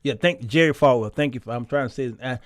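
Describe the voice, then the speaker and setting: A man's voice: mid-range voice, fast, dry recording, studio quality. A man hosting a Christian talk show, reading viewer comments and talking in an emphatic, conversational way, often repeating words.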